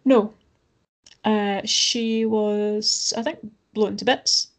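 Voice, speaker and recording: A woman's voice: medium pitch, fairly even intonation, extremely slow. A woman in her forties co-hosting a podcast in casual chat, with a dry, understated humour. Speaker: podcast co-host.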